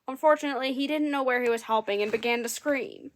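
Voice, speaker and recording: In a quick, slightly high voice, a woman gives a comedic reading of a fairy tale, breaking in between passages with dry and amused remarks.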